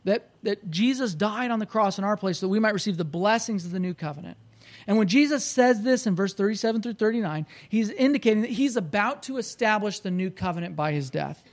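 A man pastor preaching a sermon, animated and conversational, rising loud when he voices the crowd. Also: high-pitched, fairly quick. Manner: conversational, with restarts.

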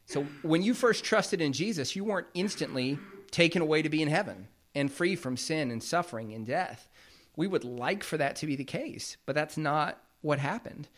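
A man's voice: on the high side, lively intonation, normal speed. A man preaching a sermon as pastor, explaining scripture in a plain, conversational way.

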